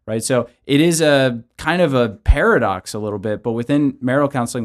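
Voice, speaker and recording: A man's voice: mid-range voice, lively intonation, a little fast, hardly any pauses. A man who is a pastor and show host, giving conversational Bible teaching and practical counseling advice in an earnest way, often adding "right?". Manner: earnest, with frequent tag questions of "right?".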